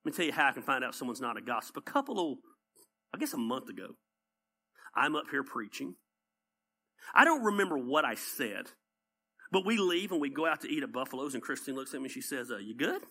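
A man's voice: medium pitch, big pitch swings, fairly quick, pauses often, pushed and bright, breathy edge. A man with a Southern accent preaching a conversational sermon as pastor. He tells stories with energy and repeats his points for emphasis.

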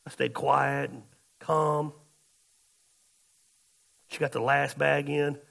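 A man pastor, telling a story in a sermon, shifting between loud outbursts and quiet asides. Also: on the high side, little pitch movement, slow pace, gravelly.

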